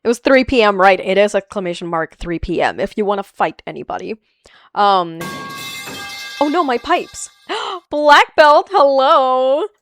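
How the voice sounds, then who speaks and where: A woman streaming a video game, chatting casually with viewers, animated and playful, laughing often and swearing freely. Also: medium pitch, a little slow, dry recording, soft background music. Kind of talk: casual live-stream chat reading viewer comments.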